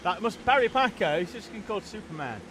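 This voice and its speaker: High-voiced co-commentator. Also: male voice, big pitch swings, fast, noisy background. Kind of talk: live stream commentary.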